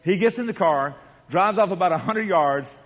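Pastor guy preaching, kinda high voice, big hall echo, goes quiet then loud. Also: lively intonation, moderate pace. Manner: dramatic storytelling, swings from hushed to shouting. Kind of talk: sermon. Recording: long reverb of a large hall.

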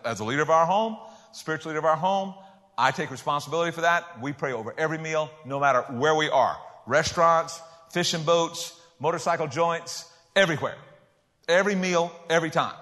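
An older man preaching a sermon in a folksy, joking way, swinging between loud emphasis and soft asides. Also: fairly high pitch. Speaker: pastor. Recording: hall reverb.

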